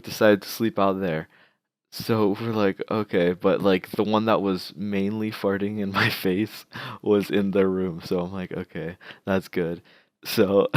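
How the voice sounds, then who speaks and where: A man's voice: fairly low pitch, dry recording. A young man telling a prank story to his viewers, casual and rambling, laughing as he goes. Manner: laughing, rambling with many fillers. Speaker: vlogger.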